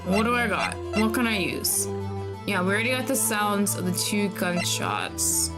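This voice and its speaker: A woman's voice: mid-range voice, very animated, moderate pace. A woman streamer giving casual gameplay commentary, anxious and exclaiming, often pleading with the game. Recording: clear background music.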